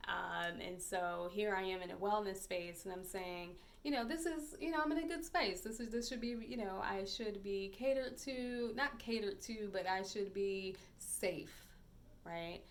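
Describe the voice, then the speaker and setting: A woman podcast host telling a personal story in a reflective, hesitant way, with many pauses and fillers. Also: mid-range voice.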